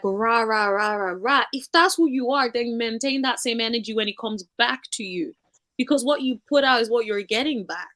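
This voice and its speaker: Emphatic woman, higher voice, casual chat. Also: fairly bright tone. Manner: emphatic, says honey and seriously, laughs. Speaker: podcast co-host.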